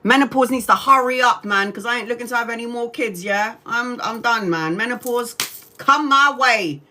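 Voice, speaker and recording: A woman's voice: on the high side, moderate pace, sharp tone. A woman, chatting casually on a tarot livestream, swearing freely and laughing often. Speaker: tarot reader.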